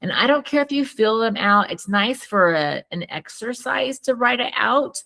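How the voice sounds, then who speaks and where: A woman's voice: on the high side, lively intonation, normal speed, creaky, pushed and bright. A woman therapist and co-host in casual teaching chat, chatty, often restarting sentences and laughing while she tells stories.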